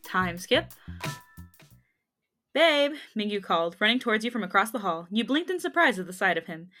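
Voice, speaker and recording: A woman's voice: mid-range voice, sing-song, quick pace, pushed and bright, soft background music. A young woman co-hosting a podcast, reading fanfiction aloud with jokey asides and frequent laughter. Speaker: podcast co-host.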